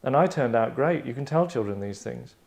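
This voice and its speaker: This middle-aged writer and podcast host has a mid-range, gravelly, darkish voice with lively intonation, talking a little fast. Hosting a casual discussion, he rambles, interrupts himself, and breaks off sentences to act out quotes.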